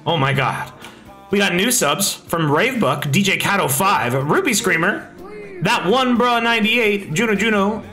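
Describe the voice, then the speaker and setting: A young man with a high-pitched voice streams live at a moderate pace, chatting excitably, reading chat aloud and swearing a lot. He uses a slightly echoey desk microphone, with faint music playing behind him.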